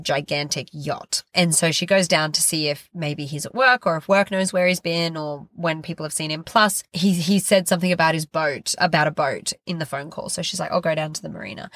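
A woman co-hosts a book podcast, her voice sitting on the low side and recorded dry and close. She chats casually, tossing in quick self-deprecating asides. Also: a bit bright, dry recording. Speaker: podcast co-host. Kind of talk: casual book-review chat.

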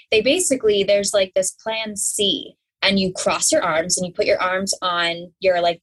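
A woman's voice: medium pitch, slightly rough, low-quality recording. A young adult woman speaking as a podcast guest, telling her story openly and acting out her own inner voice. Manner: open and animated, acts out her own inner voice. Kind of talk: candid conversational storytelling.

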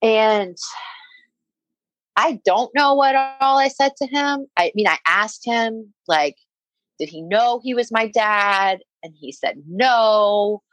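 A woman's voice: fairly high pitch, takes it slowly, a bit bright, dry recording, highs cut off. A young adult woman telling a personal story in casual conversation, full of "like" fillers and quoting what others said.

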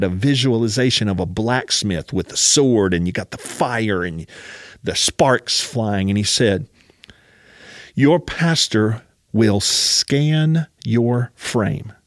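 A man's voice: fairly low pitch, moderate pace, no room sound, studio quality. A man preaching a sermon as a personal story, emphatic and often urging his listeners to listen.

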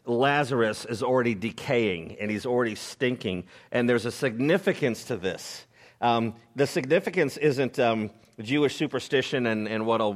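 Male pastor, casual sermon delivery, humorous, lots of ums and restarts. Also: medium pitch. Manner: informal, joking asides, frequent fillers and restarts. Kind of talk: conversational sermon.

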